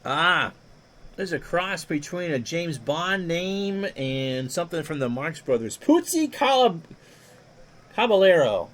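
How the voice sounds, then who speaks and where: Man calling replay baseball, slightly high voice. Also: a little slow. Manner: reads stats in a steady run, jokes with chat between plays. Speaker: play-by-play announcer. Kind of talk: replay baseball commentary with chat asides.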